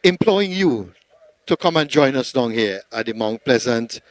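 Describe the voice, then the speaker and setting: A man's voice: medium pitch, lively intonation, moderate pace, no echo. Chatty man hosting a sports day. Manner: chatty, rambling, many fillers. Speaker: event host. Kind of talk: live event commentary. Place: seated at an outdoor sports ground.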